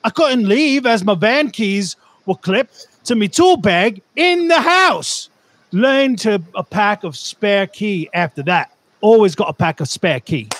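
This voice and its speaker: A man putting on a Cockney accent to read out a tradesman's story in a slow, drawling way. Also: high-pitched, lively intonation, fairly bright tone, no room sound. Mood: storytelling. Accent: put-on Cockney. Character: gruff Cockney tradesman telling a job story.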